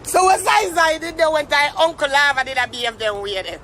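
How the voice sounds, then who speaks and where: A man's voice: extremely high pitch, a little fast, bright, forceful tone, slight background noise. A young Jamaican man ranting on a live stream, mock-tearful and theatrical. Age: young adult. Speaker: social media commentator.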